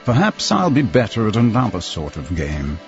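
A man voicing a cold, very polite and unflappable English gentleman in an audiobook reading. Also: on the low side, huge pitch swings, normal speed, gravelly, lo-fi sound, soft background music, full character voice. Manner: cold and precise.

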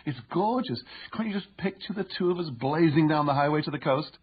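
A man voicing a husband in a read-aloud story, speaking eagerly or softly to his wife. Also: on the low side, lively intonation, a little fast, muffled recording, a little hiss or hum, lightly acted. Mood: excited. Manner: enthusiastic, then soft and sweet. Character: eager car-loving husband.

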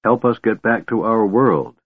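A man's voice: lowish voice, expressive, unhurried, husky, no room sound. A man voicing a weary half-elf man weighed down by guilt, tired and bitter. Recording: narrow phone-like dry audio.

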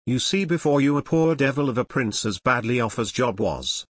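A man's voice: medium pitch, animated, normal speed, no echo, studio quality, lightly acted. A man reading the lines of an aging prince who is distressed, then grateful, in a formal reading voice.

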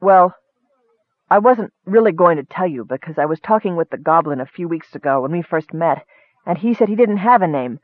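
A man voicing an excitable, naive young male kender who rambles on eagerly. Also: a little high, a little fast, no room sound, close to an everyday voice. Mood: excited. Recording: tinny phone-like sound.

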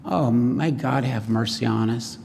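A man's voice: medium pitch, a little slow, gravelly, a little mellow, in a large hall, a little hiss or hum. A man preaching a sermon in a folksy way, often asking the congregation questions.

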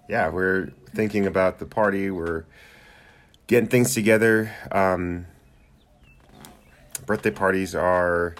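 Young man, very low voice, casual rambling co-host, faint background hiss. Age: young adult. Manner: rambling, hesitant with many fillers. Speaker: podcast co-host. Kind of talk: casual chat. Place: home room with squeaky chairs.

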